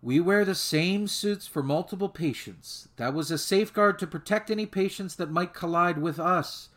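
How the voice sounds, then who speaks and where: Man doing a calm soothing woman therapist. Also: high-pitched, normal speed, voice pushed up. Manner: soothing, reassuring.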